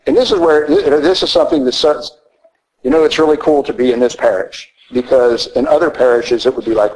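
A priest preaching a conversational, emphatic sermon in a church. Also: male voice, mid-range voice, fairly quick, darkish tone, low-quality recording.

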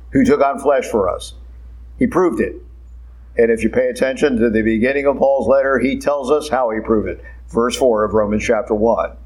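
A man, a priest, preaching a sermon in a church in an emphatic, conversational way, slowing down and speeding up. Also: medium pitch, poor audio.

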